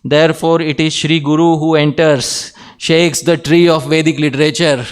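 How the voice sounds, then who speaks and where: A man's voice: a little high, flat delivery, normal speed, clean tone. A man giving a devotional scripture class, often asking his listeners questions and repeating a fond address to them, with light laughs between points. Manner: engages audience with questions, repeats "dear devotees".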